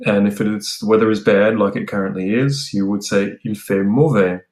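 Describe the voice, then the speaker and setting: Australian male tutor, low voice, casual lesson delivery, roomy sound. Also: steady tone, darkish tone. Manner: explains plainly, slows down for French words. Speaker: French teacher.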